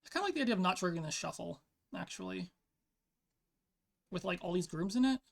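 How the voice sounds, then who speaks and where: Gravelly mid-range voice, vocal fry, casual gameplay commentary, thinking out loud, lots of "like", desk mic. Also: mid-range voice, lively intonation, quick pace. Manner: thinks aloud, frequent "like" fillers. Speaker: player narrating own online card game match.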